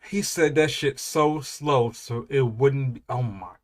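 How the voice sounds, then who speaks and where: A man in his thirties giving casual reaction commentary, animated and profane, laughing often and drawing out his exclamations. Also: mid-range voice, slow pace, hardly any pauses. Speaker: reaction video host.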